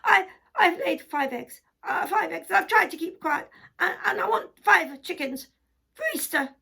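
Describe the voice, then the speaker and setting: A woman's voice: very high voice, animated, measured pace, gravelly, pitched above the performer's own voice, full character voice. A woman doing a flustered clucking hen. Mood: excited. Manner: loud, stammering and breathless. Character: fussy excitable black hen.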